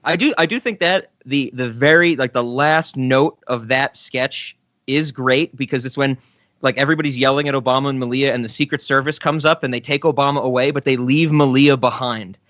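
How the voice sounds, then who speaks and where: A man's voice: mid-range voice, brisk, a bit bright, no room sound, muffled recording. A man hosting a film podcast in casual chat, easygoing and chuckling often. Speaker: podcast host.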